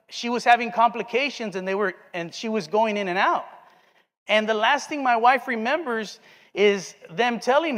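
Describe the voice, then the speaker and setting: High-voiced man preaching in a reverberant church. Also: fairly bright tone. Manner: storytelling, emotional and earnest. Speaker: pastor. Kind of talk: sermon. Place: church sanctuary. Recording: long hall reverb.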